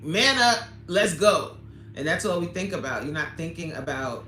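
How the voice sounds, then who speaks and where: A fitness coach hosts a casual livestream, answering viewer comments in an emphatic, candid way and laughing often. Her voice is low with a fairly bright tone, and the echoey room carries faint ambience along with a little hiss or hum.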